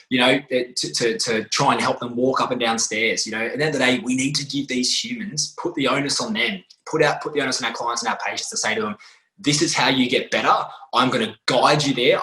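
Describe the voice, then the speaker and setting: A man's voice: medium pitch, reverberant, poor audio. A man, a physiotherapist, talking casually on a podcast in a rambling, storytelling way. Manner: rambling, animated storytelling with restarts. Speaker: physiotherapist guest.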